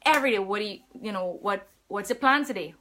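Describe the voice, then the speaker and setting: A woman's voice: mid-range voice, fast, pushed and bright, a little hiss or hum. A woman fitness coach talking casually on a live stream, laughing often and answering viewer comments.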